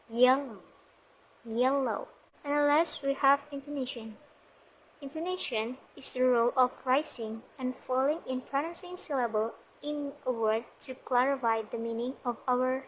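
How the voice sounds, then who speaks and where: Young woman, student presentation, reads from notes, slow unhurried delivery, faint hiss. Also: on the high side, a bit bright, low-quality recording. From Indonesia. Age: young adult. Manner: reads from notes, repeats example words slowly. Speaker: university student. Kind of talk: class presentation.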